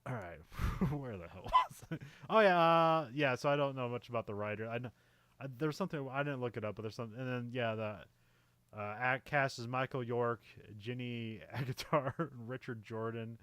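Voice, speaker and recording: A man's voice: medium pitch, moderate pace, a bit bright, clear, resonant tone, no room sound. A man co-hosting a casual movie podcast, talking in a loose, rambling way. He laughs often and fills his speech with "like" and "you know." His voice is recorded dry and close. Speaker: podcast co-host.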